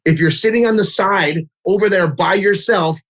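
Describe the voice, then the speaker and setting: His voice is high and a bit bright, at a normal pace: a youth baseball coach swapping stories in a casual interview. He's talkative, leans on "like" constantly, and acts out what the kids and he himself said.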